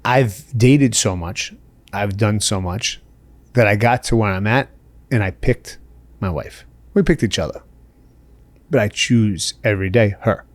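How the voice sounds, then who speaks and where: A man's voice: on the low side, a little slow, dry recording. A middle-aged man from the Bronx, chatting candidly as a podcast guest, laughing often and saying "you know" a lot. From the Bronx, New York. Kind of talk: casual interview chat.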